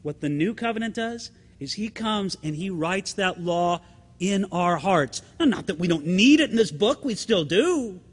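A man's voice: high voice, expressive, normal speed. A middle-aged man preaching a sermon as pastor, speaking emphatically and calling the congregation friends with rhetorical questions. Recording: long hall reverb.

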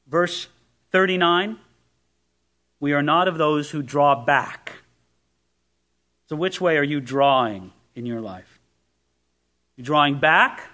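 A man's voice: a little high, bright, forceful tone. A man preaching a sermon as pastor, asking rhetorical questions and reading scripture with emphasis.

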